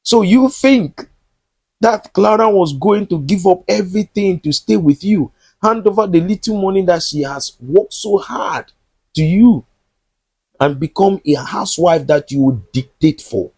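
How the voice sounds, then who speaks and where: A male movie reviewer recaps scenes and talks straight at the characters with indignation. His voice is a little husky and fairly high, and it rises and falls with lively swings. The recording is dry and close. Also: unhurried, dry recording. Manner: indignant, scolding the characters directly. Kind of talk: recap and commentary on a film.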